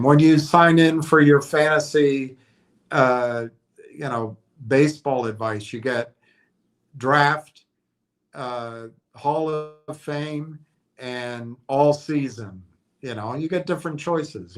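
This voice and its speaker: A man's voice: on the high side, takes it slowly. A man hosting a stock stream, speculating in a rambling, hesitant way with frequent restarts and fillers. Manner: rambling, hesitant, thinking aloud with many restarts. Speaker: stock commentator. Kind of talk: casual speculative monologue.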